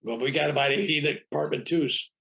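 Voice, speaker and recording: A man's voice: fairly high pitch, fast, gravelly, a bit bright. An older man, a reverend, telling a long personal story in an interview, acting out the dialogue with frequent restarts. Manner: rambling, acts out quoted dialogue, frequent restarts. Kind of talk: anecdotal storytelling in conversation.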